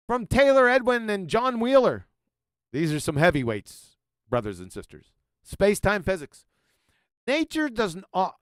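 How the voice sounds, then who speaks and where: A man hosting a commentary video, reading quotes aloud with emphasis and then making sarcastic, mocking asides, often dropping to a low mutter. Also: fairly bright tone, clean tone, no room sound, clean studio sound. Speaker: channel host. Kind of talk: commentary over quoted slides.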